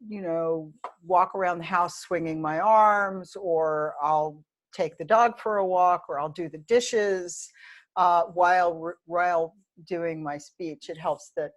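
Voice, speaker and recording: A woman with a slightly low voice hosts a relaxed online chat. She talks easily about her own habits and laughs at herself. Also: slow pace. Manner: chatty, self-deprecating, laughs often. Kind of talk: casual webinar chat.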